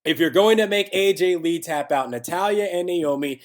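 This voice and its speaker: A man talks through a casual solo review in a slightly high voice. He rambles and leans on filler words. His tone turns exasperated as he goes. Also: moderate pace. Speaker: wrestling podcast host.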